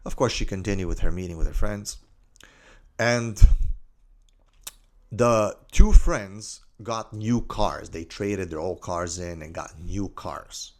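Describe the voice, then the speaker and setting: A man who works as an Islamic life coach, telling a story in a lively, scattered way with many asides. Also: low voice, takes it slowly. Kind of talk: storytelling monologue.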